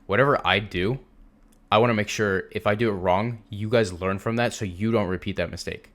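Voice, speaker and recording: A young man with a lowish, fairly bright voice teaches a trading lesson over a screen share. He's casual and emphatic, repeating words for stress.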